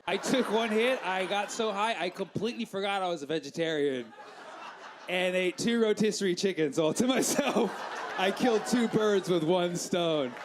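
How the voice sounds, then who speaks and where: A man doing a stand-up set, goofy and excitable as he tells his jokes. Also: high-pitched, normal speed, noisy background. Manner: goofy, excitable joke telling. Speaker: stand-up comedian.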